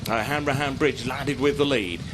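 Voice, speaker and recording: Guy calling a horse race live, steady flow, outdoor noise underneath. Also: mid-range voice, normal speed. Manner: steady running call of the field. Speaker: horse racing commentator.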